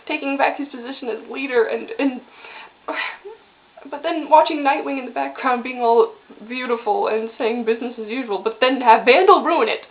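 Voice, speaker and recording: A woman's voice: high voice, muffled recording. A woman giving an impassioned, exclamatory review of a cartoon's ending, her voice breaking when she gets upset. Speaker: vlogger reviewing a cartoon finale. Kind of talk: emotional ranting review.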